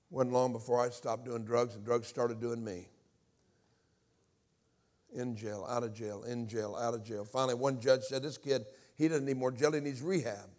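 A man's voice: mid-range voice, fairly even intonation, moderate pace, a little mellow. A man from Alabama, preaching a testimony sermon and acting out the dialogue as he tells his story. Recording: reverberant hall.

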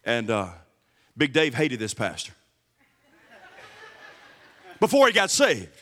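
A man giving a sermon as a guest pastor in a church, swinging from shouted emphasis to low, quiet asides. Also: huge pitch swings, takes it slowly, long reverb tail, some chatter behind. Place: church service.

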